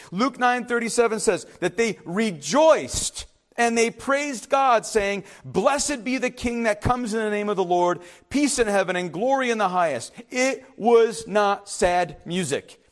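A male pastor preaching a sermon, emphatic and swinging from loud exhortation to hushed asides. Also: sits high, animated, a little slow, few pauses. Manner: emphatic preaching, rising and dropping sharply; acts out skeptics in hushed asides.

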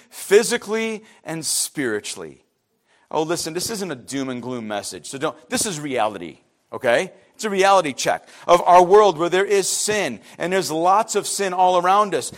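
A man preaching a sermon as pastor, passionate and animated, breaking off for quick asides to the congregation. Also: high voice.

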